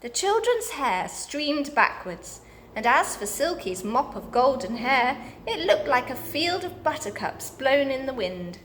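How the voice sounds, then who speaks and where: Woman reading a kids book out loud, slow and steady. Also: sits high, a little hiss or hum. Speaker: storybook reader. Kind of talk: reading a children's book aloud.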